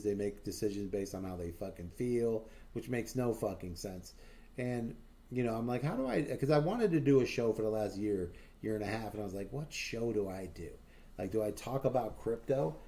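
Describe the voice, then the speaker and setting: A man's voice: mid-range voice, dark tone. A man hosting a livestream in casual chat, rambling and swearing a lot with many fillers and restarts, telling boastful, enthusiastic stories. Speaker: livestream host.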